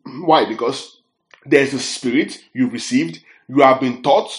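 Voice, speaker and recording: A man's voice: mid-range voice, measured pace. A man teaching a sermon, emphatic and often checking that his listeners follow. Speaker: preacher. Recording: echoey room.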